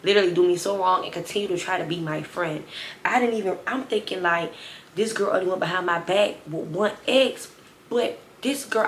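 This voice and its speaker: A woman in her twenties telling a storytime vlog to her viewers, sassy and animated. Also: mid-range voice, slight background noise. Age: 20s. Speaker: vlogger. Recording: roomy echo.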